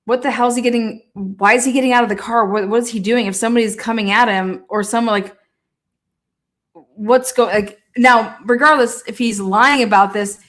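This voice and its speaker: A fairly high-pitched woman comments on a trial in a loose, chatty way. She swears freely, laughs often, and speaks directly to her viewers. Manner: animated, profane, laughs often. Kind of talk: casual live commentary.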